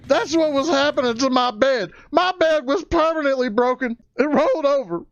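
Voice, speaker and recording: A man telling a crude comic story, excitable and prone to loud rising outbursts. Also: extremely high pitch, moderate pace, no echo, lo-fi sound, faint music behind. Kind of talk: stand-up storytelling.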